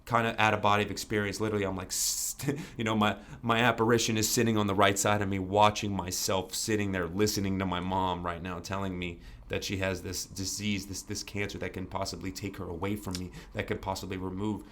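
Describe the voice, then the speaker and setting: A man's voice: low voice, level tone, brisk, hardly any pauses, a bit bright. A man as a podcast guest, talking candidly and earnestly, repeating himself with many "you know"s and casual swearing. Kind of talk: candid interview conversation.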